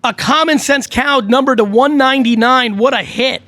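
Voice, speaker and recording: A middle-aged man, hosting a casual advice talk in a blunt, animated, profane way. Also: extremely high pitch, normal speed, dry recording. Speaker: host.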